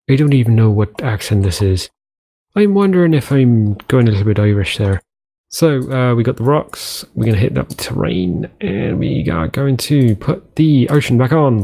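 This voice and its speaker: Chatty mellow-voiced man playing a game. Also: medium pitch, lively intonation, moderate pace, vocal fry. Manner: chatty, rambling, self-talking with repeated words. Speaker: gaming channel host. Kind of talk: casual let's-play commentary.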